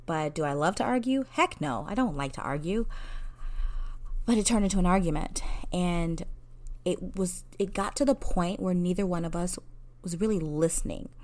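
Woman in her forties, fairly low voice, counselor, candid conversational storytelling, laughs at herself. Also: moderate pace, a little mellow. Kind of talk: personal storytelling.

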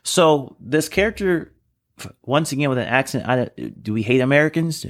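A man's voice: mid-range voice, expressive, moderate pace. A man co-hosting a podcast, chatting casually and steering the conversation with rambling opinions. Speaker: podcast co-host. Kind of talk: casual chat.

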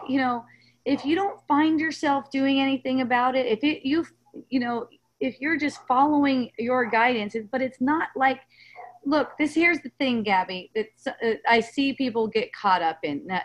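Gentle woman coaching on a video call. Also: high voice, poor audio. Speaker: host. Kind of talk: spiritual coaching chat on a webinar.

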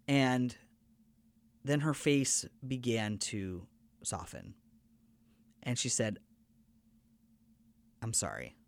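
A man's voice: mid-range voice, no echo. A man hosting a podcast, telling a personal story in an earnest, conversational way. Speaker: podcast host.

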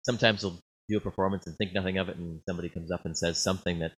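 A man's voice: deep voice, fairly even intonation, very fast, fairly bright tone, husky, low-quality recording. A man hosting a casual interview, asking loose, rambling questions full of fillers. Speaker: interview host.

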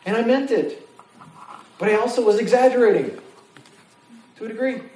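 A man's voice: very high-pitched, moderate pace. A man preaching a sermon in a casual, joking way, acting out the voices of his listeners. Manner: animated, jokey, acts out voices of listeners. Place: church sanctuary. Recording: roomy, distant mic with faint noise.

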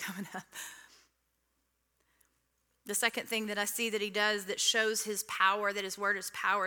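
A woman's voice: medium pitch, bright, forceful tone. A middle-aged woman preaching a sermon in a conversational, teasing way, often asking the audience questions. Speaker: women's speaker.

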